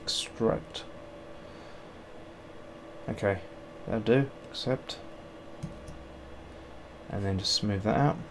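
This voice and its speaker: Male streamer, lower voice, rambling self-mocking live commentary while working, faint background noise. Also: extremely slow, long pauses. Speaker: sculptor streaming his work. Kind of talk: casual livestream chat while working.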